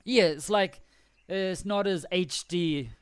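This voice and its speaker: A man's voice: sits high, slow pace, smooth, no room sound, clean studio sound. A man chatting casually on a game livestream, rambling, joking and correcting himself as he goes. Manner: rambling, jokey, self-correcting. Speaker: game streamer.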